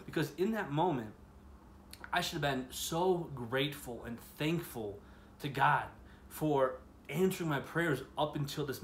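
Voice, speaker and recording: A man's voice: medium pitch, slight background noise. A man in his twenties speaking in an earnest, chatty way to students, telling a personal story in a casual devotional talk. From Chicago area, US. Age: 20s. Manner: earnest, chatty, full of "you know" and "like". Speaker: youth ministry speaker.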